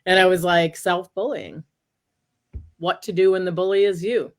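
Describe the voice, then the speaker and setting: A woman, a guest on an interview show, telling a personal story in a casual, animated way, often quoting what she said to herself. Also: fairly low pitch, moderate pace. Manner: animated, talks through quoted inner dialogue.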